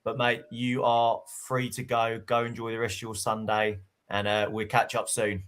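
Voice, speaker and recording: A man co-hosting a casual football podcast, chatty and quick to laugh as he tells stories. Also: mid-range voice, monotone, fairly bright tone, clear, resonant tone. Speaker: podcast co-host.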